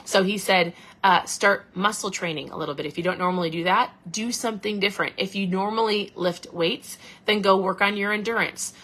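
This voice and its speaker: Bright-voiced chatty woman. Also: medium pitch, brisk, few pauses. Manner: chatty and animated, reads viewer comments aloud. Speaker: keto coach and livestream host. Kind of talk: casual livestream chat.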